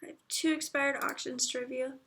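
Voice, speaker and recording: A woman livestreaming, chatting casually, reading viewer comments aloud and murmuring soft asides. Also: high voice, fairly even intonation, fairly quick.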